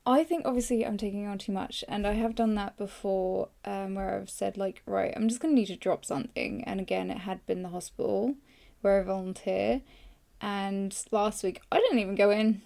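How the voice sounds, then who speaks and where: A young woman hosting a podcast, hoarse and tired, rambling through a casual live journaling session close to the mic. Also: mid-range voice, fairly even intonation, a little slow, mellow. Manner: rambling, filler-heavy, self-deprecating. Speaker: podcast host. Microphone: close microphone.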